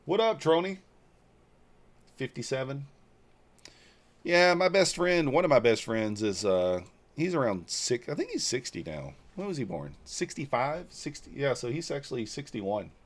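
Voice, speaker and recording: A man's voice: mid-range voice, sing-song, a little slow. A man in his forties from Northeast Georgia, talking loosely and bluntly on a livestream while answering viewers' comments aloud. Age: 40s. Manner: blunt and loose, with mild swearing. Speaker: trading livestreamer. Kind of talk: casual livestream chat.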